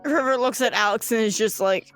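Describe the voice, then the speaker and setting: A woman's voice: a little high, a little fast, a bit bright, clean tone, faint music behind. A woman acting as game master, narrating a tabletop game in a playful, teasing way with frequent laughs.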